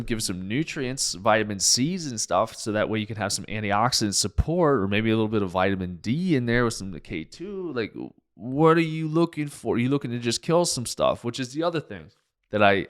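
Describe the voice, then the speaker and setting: Man, doctor, podcast host, fired-up rant, swears, low-pitched. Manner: fired-up, ranting, swears freely; jumps between topics, many restarts. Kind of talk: podcast monologue.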